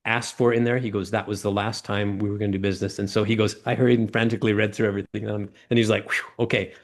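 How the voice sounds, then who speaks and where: A middle-aged man tells stories as a guest in an interview, his voice sitting low. He acts out the people in his anecdotes with lively jumps in pitch, and he often goes back and restarts a phrase as he talks. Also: fast. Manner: animated storyteller acting out quoted voices. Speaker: guest, former ladder company owner. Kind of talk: storytelling interview talk.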